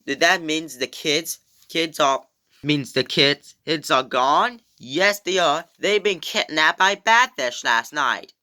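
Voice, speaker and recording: A man's voice: fairly high pitch, slow pace, sharp tone. A man performing a homemade toy play, speaking hesitantly and repeating words, with frequent gasps. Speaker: narrator and performer of all roles.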